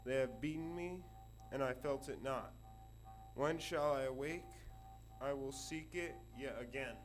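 A man reading a scripture passage aloud in a measured way during a church service. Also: mid-range voice, soft background music, low-quality recording. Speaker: scripture reader.

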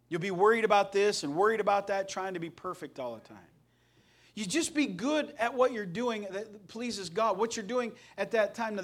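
Pastor, middle-aged man from Indiana, high voice, folksy storyteller with a joking streak. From Indiana, USA. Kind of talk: sermon.

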